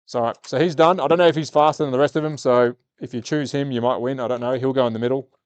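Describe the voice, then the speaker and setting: Aussie guy livestreaming slot car racing, chatty with chat, smooth voice, dry sound. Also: mid-range voice, fast talker, dry recording. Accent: Australian. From Australia. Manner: casual, talks to chat, turns excited calling the race. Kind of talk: live stream chat and race commentary.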